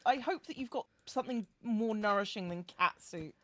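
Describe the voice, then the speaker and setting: A woman chatting casually on a voice call, reassuring and playful, often restarting her sentences. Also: mid-range voice. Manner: reassuring, playful, talks in quick bursts with restarts. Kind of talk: casual chat.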